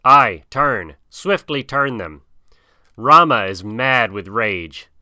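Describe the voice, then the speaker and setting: A man's voice: mid-range voice, lively intonation, slow pace, bright, forceful tone, no echo, clean studio sound, exaggerated voice. A man voicing a bold young jungle hero who gives orders in old-fashioned thou speech. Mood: commanding. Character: bold jungle boy leading wolves and herd.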